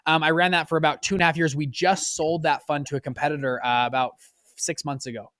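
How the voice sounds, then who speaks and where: Talking at a quick pace, the twenty-something fund manager recounts his story as a guest on an interview podcast, staying lively and casual. He raises his pitch sharply when acting out quotes, and the recording has a dry sound.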